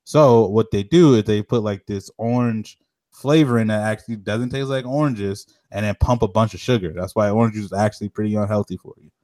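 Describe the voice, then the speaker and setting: A man's voice: fairly low pitch, brisk, darkish tone, dry recording, clean studio sound. A young man in casual chat, ranting and telling stories with lots of slang and swearing.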